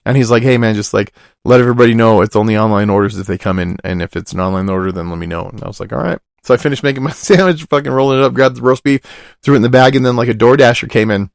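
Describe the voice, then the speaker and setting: A man's voice: mid-range voice, racing, vocal fry, no echo, clean studio sound. A young man telling a long rambling story on a podcast, swearing often and dropping his voice to quote other people. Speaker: podcast host. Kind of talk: casual storytelling.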